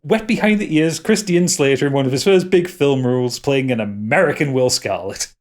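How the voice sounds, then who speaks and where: A man's voice: mid-range voice, moderate pace. A man co-hosting a podcast, ranting and swearing as he critiques a film. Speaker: podcast co-host. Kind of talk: casual podcast chat.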